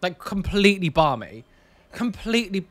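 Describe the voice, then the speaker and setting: A man's voice: high-pitched, sing-song, normal speed. A man, a body piercer, hosting a casual reaction video in a camp, sassy, exclamatory way. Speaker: body piercer and show host.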